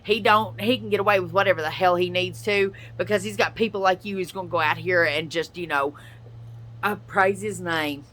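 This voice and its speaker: A woman's voice: lowish voice, quick pace, hardly any pauses, a bit bright. A woman ranting straight at another person in a blunt, profane, confrontational reaction video. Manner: addresses another person directly. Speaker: YouTuber and podcaster. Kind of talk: angry reaction rant.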